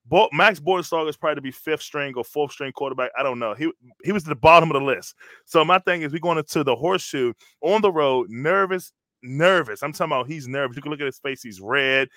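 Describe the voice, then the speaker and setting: A man hosting a casual sports talk show who tells animated stories in slangy speech and keeps saying "bro". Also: fairly high pitch, fast talker, no room sound, studio quality. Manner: animated storytelling, slangy, says "bro" constantly. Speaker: podcast host, former college lineman. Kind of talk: casual chat.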